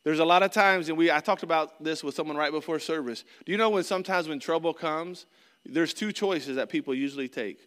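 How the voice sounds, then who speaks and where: A man's voice: on the high side, brisk, a bit bright, smooth, long reverb tail. A middle-aged man preaching a sermon as pastor, earnest and conversational, often repeating his phrases.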